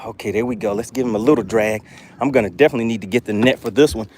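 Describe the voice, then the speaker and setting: A man hosting a live fishing stream from a boat outdoors, excitably narrating his catch and reading chat aloud. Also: on the low side, rapid-fire, slight background noise. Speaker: fishing livestream host.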